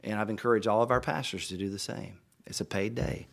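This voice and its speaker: Earnest low-voiced pastor preaching. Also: male voice, a little fast, creaky. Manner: earnest, conversational storytelling with repeated words. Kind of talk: sermon to fellow pastors.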